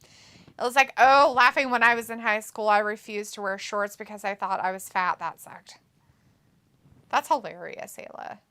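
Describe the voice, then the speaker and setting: A woman's voice: mid-range voice, fairly even intonation, moderate pace, sharp tone, smooth. A woman co-hosting a live stream in casual chat, with a nasal, cackly voice, teasing and swearing freely as she reads out viewer comments. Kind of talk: casual watch-along chat.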